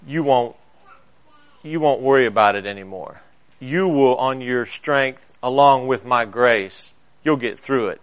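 Guy preaching a sermon, tells stories, gets loud then drops real quiet. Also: mid-range voice. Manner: storytelling preacher, swings between loud emphasis and quiet asides. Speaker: pastor.

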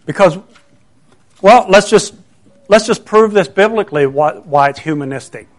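A man's voice: high voice, animated, moderate pace. A middle-aged man preaching a conversational sermon, earnest and full of rhetorical questions.

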